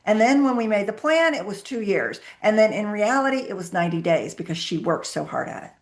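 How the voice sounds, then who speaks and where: A woman's voice: medium pitch, animated, fairly quick. A middle-aged woman, a guest on a business podcast, answering questions with candid personal stories and acting out what people said. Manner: candid storytelling, acts out her own quoted dialogue. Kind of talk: conversational interview answers.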